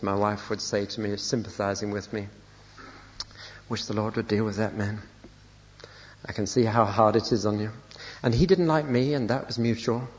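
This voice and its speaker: An older man, a pastor preaching a sermon, telling personal stories with dry, self-deprecating humor. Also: lowish voice. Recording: lo-fi recording in a reverberant church hall.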